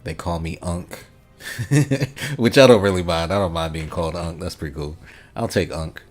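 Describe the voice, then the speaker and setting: Deep-voiced laid-back male streamer. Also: normal speed, soft background music. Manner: laid-back, rambling, chuckles often. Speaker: gaming livestreamer. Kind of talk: casual chat reading out viewer comments.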